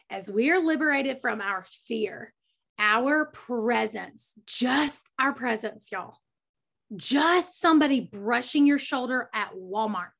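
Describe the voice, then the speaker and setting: A woman's voice: on the high side, vocal fry, fairly bright tone. A woman giving a fervent, preacher-like motivational speech over a video call, addressing her listeners directly. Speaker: motivational speaker.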